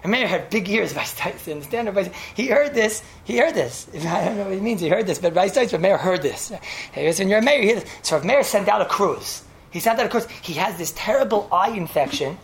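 A man's voice: high voice, animated, fast talker, slight background noise. A man teaching a Talmud class, telling the story animatedly and repeating himself, with Yiddish and Hebrew terms mixed in. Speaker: Torah teacher.

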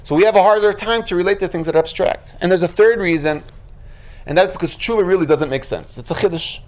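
A religious teacher giving an animated Torah lecture, acting out quotes and sound effects and asking rhetorical questions. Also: mid-range voice, fast.

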